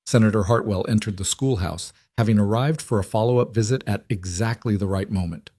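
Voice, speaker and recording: A man with a low voice reads a scripted story in a steady, even manner. The sound is close and dry, with no room around it. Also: brisk, few pauses, no echo. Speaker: narrator.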